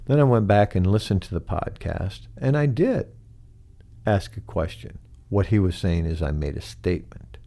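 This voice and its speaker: A man hosting a reflective solo podcast, speaking slowly and softly and asking many rhetorical questions. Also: sits low, sing-song, gravelly. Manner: slow, soft-spoken, asks many rhetorical questions. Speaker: podcast host.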